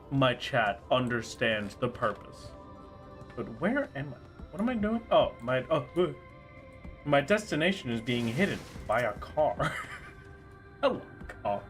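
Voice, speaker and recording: A man streaming a game live, chatting casually with his viewers in a playful, excitable way. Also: mid-range voice, slow pace, long pauses, faint music behind. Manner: playful and excitable, squealing and laughing at surprises. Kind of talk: casual livestream chat while gaming.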